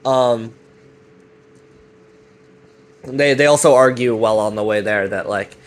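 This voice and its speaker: A man's voice: mid-range voice, measured pace. Man rambling through a profane plot recap. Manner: loose, profane, full of fillers and restarts. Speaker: web series recap host.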